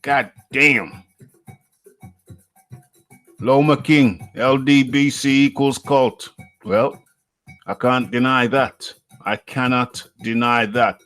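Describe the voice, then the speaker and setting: Slow, playful man hosting a live chat. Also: medium pitch, steady tone, a bit bright, soft background music. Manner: playful, repetitive, chuckling, drawn-out phrasing. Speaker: live show host reading chat. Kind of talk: casual live-stream chat.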